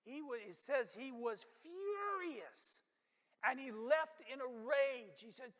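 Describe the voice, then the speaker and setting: Older male pastor in a reverberant hall. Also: slow pace. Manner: animated, acts out quotes with rising pitch. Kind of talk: sermon storytelling. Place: church sanctuary.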